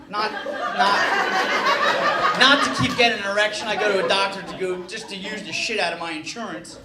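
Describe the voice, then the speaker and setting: A man doing a stand-up comedy set on a nightclub stage, telling exasperated, profane stories. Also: high voice. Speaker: stand-up comic. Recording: echoey club with loud crowd noise.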